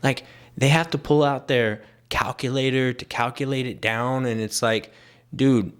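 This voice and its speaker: A man's voice: medium pitch, steady tone, normal speed, clean tone. A young man ranting casually to camera, exasperated and sarcastic, with filler-heavy talk. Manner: exasperated, sarcastic, mimics people he quotes. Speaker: vlogger.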